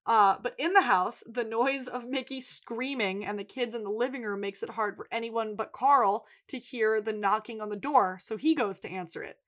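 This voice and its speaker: A woman co-hosting a podcast, recapping a TV episode in an animated, chatty way and swearing freely. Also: fairly high pitch, normal speed, few pauses. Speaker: podcast co-host.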